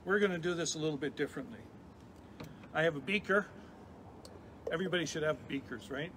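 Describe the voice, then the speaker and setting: Middle-aged man, fairly high voice, chemistry professor, lively chatty kids' science demo, noisy hiss behind. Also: brisk. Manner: lively, chatty explainer with frequent restarts. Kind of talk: live science demonstration for kids.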